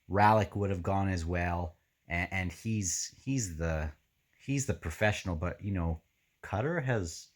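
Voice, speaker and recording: A man talks through his reactions to a book in a loose, rambling way, with lots of fillers and restarts. His voice sits low. He speaks slowly, with plenty of pauses. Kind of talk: casual spoken reaction.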